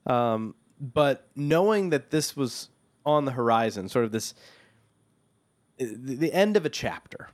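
A man's voice: medium pitch, lively intonation, a little slow, dry recording. A man co-hosting a podcast, speaking in a reflective, hesitant way with many restarts. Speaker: podcast co-host. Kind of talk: casual chat.

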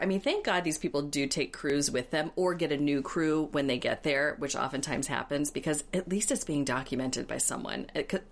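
A woman co-hosting a podcast in casual recap chat, animated and jokey, acting out quotes in playful voices. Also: low voice, moderate pace, few pauses. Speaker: podcast co-host.

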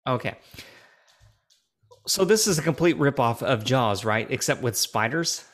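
A man's voice: medium pitch, lively intonation, a little slow. A young man co-hosting a podcast, tipsy, rambling and swearing as he reads a plot synopsis and laughs often. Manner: rambling, profane, laughs often, restarts sentences. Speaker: podcast co-host. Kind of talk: casual chat, reading a synopsis.

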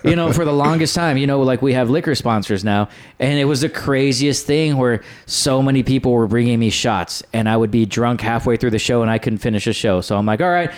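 A man who hosts a late-night comedy show, chatting casually on a podcast and telling animated stories with plenty of swearing. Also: mid-range voice, brisk, few pauses. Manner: animated storyteller, swears freely. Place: small home studio.

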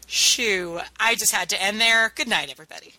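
A woman's voice: mid-range voice, moderate pace, pushed and bright, dry recording, rough recording. A woman hosting a podcast, chatting in an upbeat, jokey way. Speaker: podcast hostess. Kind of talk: casual chat.

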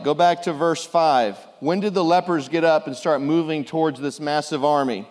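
A middle-aged man preaching a sermon as a pastor, animated and jokey as he tells the story. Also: on the high side, normal speed, hardly any pauses. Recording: long reverb of a large hall.

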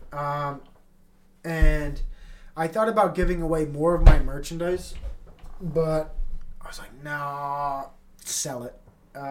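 A man with a stuffy nose hosting a casual solo podcast from his apartment, rambling and swearing in a laid-back way. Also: fairly high pitch. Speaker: podcast host. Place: apartment with tenants upstairs.

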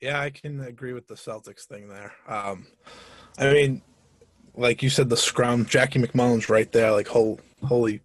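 This is a twenties-aged man on a podcast whose mid-range voice keeps a fairly even intonation. He chats casually, often stumbling and repeating words, and laughs through the stories he tells.

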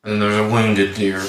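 A young man in his twenties, a podcast co-host and hunting guide, telling a story casually with lots of profanity and acted-out dialogue. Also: on the low side. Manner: profane, animated storyteller acting out both sides. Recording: roomy, distant mic with faint noise.

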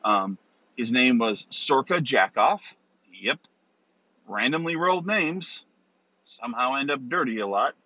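A man's voice: mid-range voice, lively intonation, a little slow, pauses often, bright, forceful tone, no room sound. A man hosting his own podcast, talking casually and rambling with many ums and restarts. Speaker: podcast host. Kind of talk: casual solo podcast talk. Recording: dull, dry recording.

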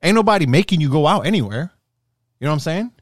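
A man in casual, profane podcast talk, ranting in an animated way and swearing often. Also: on the high side, quick pace, no room sound, clean studio sound. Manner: animated, swearing, rising to shouts when worked up. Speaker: podcast co-host.

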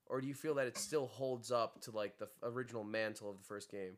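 A man hosting a casual podcast with friends. He is excitable and often slips into goofy impressions. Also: mid-range voice, fast talker, slight background noise. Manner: excitable, does goofy character voices. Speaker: podcast host. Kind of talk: casual chat.

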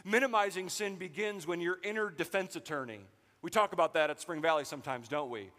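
High-voiced pastor in a reverberant hall. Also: male voice, brisk. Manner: animated, joking storytelling. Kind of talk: sermon.

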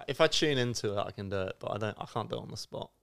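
A man's voice: fairly low pitch, rapid-fire, vocal fry, a bit bright. A young British man co-hosting a podcast, chatting casually and laid-back, often trailing off mid-sentence. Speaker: podcast co-host. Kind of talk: casual chat.

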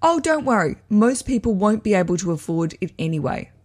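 A woman's voice: medium pitch, big pitch swings, a little fast, husky. A woman voicing an entitled adult female cousin who talks in a breezy, sugary, oblivious way. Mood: sugary pushy.

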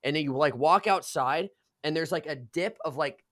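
A man in his twenties telling a wild party story on a casual podcast, profane and animated, getting loud at the punchlines. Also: a little high, moderate pace, dry recording, studio quality.

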